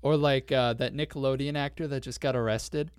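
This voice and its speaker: A young man chats loosely as a podcast co-host, rambling from thought to thought with a casual curse here and there. His voice sits at an ordinary middle pitch. The mic is close and dry. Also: steady tone, a little fast, smooth, dry recording. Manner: rambling, swears casually, laughs often. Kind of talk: casual chat.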